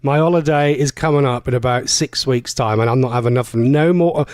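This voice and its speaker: A man's voice: medium pitch, brisk, a little mellow, clear, resonant tone, no room sound. A man, a radio presenter telling long rambling stories in casual chat, full of fillers and self-corrections.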